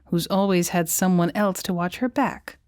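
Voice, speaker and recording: A woman's voice: lowish voice, steady tone, moderate pace, a little mellow, no room sound, lightly acted. A woman voicing a sarcastic, guarded young male pirate for an audiobook, speaking in a dry, teasing way. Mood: wry.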